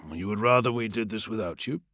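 A man voicing a calm male sorcerer leader who speaks softly, with measured assurance, in an audiobook. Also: fairly low pitch, dry recording, clean studio sound.

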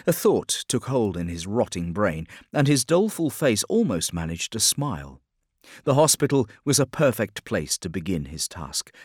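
A man reading a grim dark fantasy story in a steady, measured narration. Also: on the low side, breathy edge, dry recording, clean studio sound. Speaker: audiobook narrator. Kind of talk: scripted narration.

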